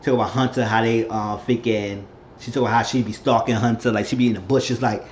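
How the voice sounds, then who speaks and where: A man's voice: on the low side, fairly even intonation, fast, slight background noise. A man hosting a casual recap vlog, retelling a reality show episode in a rambling way and acting out what people said. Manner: rambling storyteller, acts out quotes. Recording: slightly dull lo-fi audio.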